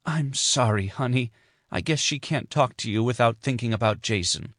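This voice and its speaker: A man voicing a gentle, sad older mother who speaks quietly and soothingly. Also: medium pitch, moderate pace, no echo, clean studio sound, pitched above the performer's own voice, close to an everyday voice. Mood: sorrowful.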